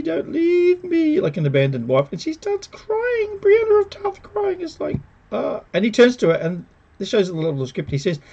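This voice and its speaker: Man, gravelly husky voice, lively sarcastic review, dull lo-fi recording. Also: mid-range voice. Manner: animated, sarcastic, mocks characters with put-on quotes. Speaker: TV show reviewer. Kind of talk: casual spoken review.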